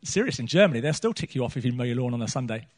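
A man's voice: mid-range voice, lively intonation, rapid-fire. A man preaching a sermon on a small church stage, chatty and joking, throwing questions out to the congregation.

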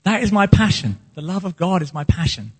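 Earnest high-voiced pastor in a reverberant hall. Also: male voice, very animated, a little fast, slightly rough. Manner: earnest, impassioned preaching. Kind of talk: sermon.

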